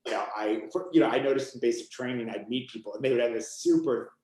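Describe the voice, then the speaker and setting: A man's voice: medium pitch, quick pace, darkish tone. Rambling man in an echoey room. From Maine. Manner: rambling, full of "you know" and "like". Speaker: author guest. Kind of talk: casual conversation.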